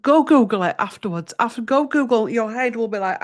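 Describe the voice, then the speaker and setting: Her voice is slightly high, expressive, and a bit quick: a woman hosting a tarot channel, flustered as she chats through her research, swearing and muttering to herself.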